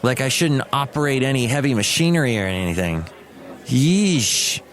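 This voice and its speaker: A man's voice: mid-range voice, expressive, moderate pace. A man hosting his own daily podcast, talking casually in a chatty, digressive way. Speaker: podcast host and radio DJ. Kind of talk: casual solo podcast monologue.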